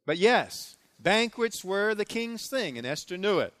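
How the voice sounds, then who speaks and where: A man preaching a sermon who retells a biblical story with dramatic flair. His pitch sits a touch high and swings widely, swelling loud on key moments and dropping low for emphasis. He addresses the congregation directly with questions. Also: big pitch swings, unhurried. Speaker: pastor.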